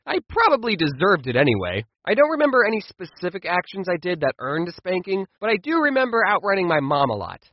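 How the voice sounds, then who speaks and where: Lively high-voiced man telling comic stories. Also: no echo, muffled recording. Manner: animated, playful, jumps into quoted voices. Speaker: storytime YouTuber. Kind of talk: comedic storytelling.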